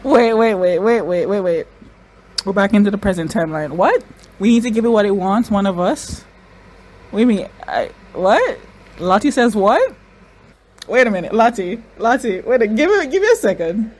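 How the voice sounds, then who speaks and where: A woman hosting a reaction video, talking excitedly and repeating her exclamations, tearful at times. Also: medium pitch, moderate pace, low-quality recording. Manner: exclaiming, repeats phrases, says y'all. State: crying.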